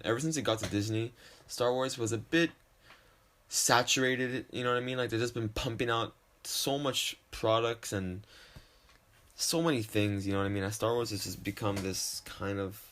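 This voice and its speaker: A man's voice: mid-range voice, fairly bright tone, a little hiss or hum. A young man with a slight lisp hosting a solo podcast from his desk, rambling and swearing, often poking fun at himself. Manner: rambling, profane, self-deprecating. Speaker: podcast host. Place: home desk.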